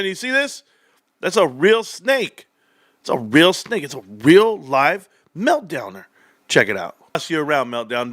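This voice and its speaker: A young man hosting a livestream, talking straight to his viewers in an animated, sarcastic rant. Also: on the high side, no echo, clean studio sound. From California, United States. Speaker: livestream host. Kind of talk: casual stock-talk livestream rant.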